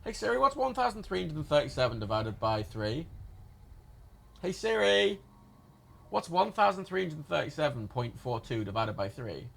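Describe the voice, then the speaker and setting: A man's voice: on the high side, big pitch swings, normal speed, gravelly, fairly bright tone, a little hiss or hum. A British man chatting on a live game stream, swearing and laughing in disbelief. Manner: sweary, exasperated, laughs often.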